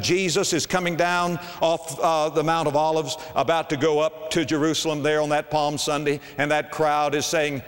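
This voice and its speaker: A man preaches a sermon in a big church, his fairly high voice leaping between hushed low asides and ringing cries. The delivery is dramatic and lively. A long reverb trails each phrase through the hall. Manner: dramatic, swinging from soft to ringing highs.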